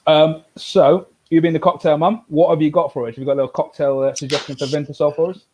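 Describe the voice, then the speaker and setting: A man hosting a casual live whisky tasting, talking in a relaxed, rambling way with many fillers and restarts. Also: on the high side, fast. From United Kingdom.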